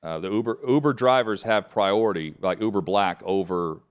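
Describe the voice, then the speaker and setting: A man's voice: on the low side, moderate pace, smooth. A male host in casual sports talk, hesitant and filler-heavy.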